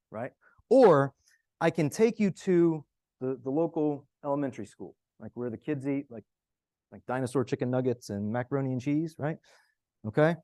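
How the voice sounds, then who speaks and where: A man giving a conference talk, telling stories in a conversational, animated way and checking in with the audience with "right?" and "okay?". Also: mid-range voice, brisk, no room sound, clean studio sound. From United States. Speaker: conference presenter.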